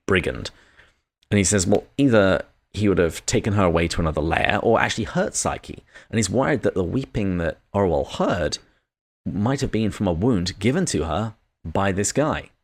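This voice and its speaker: A British man with a very low, deep voice talks through a book on a podcast. He is measured and reads short passages aloud as he goes. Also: animated. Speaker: podcast co-host. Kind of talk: casual book discussion.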